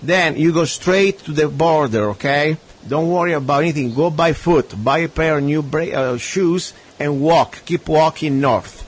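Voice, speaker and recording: A man with an Italian accent hosts a talk radio show. His voice is husky and sits a little high, and he rants and mocks in a loud, emphatic way. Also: normal speed, few pauses. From Italy. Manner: ranting, sarcastic, emphatic. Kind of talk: talk radio chat with a guest.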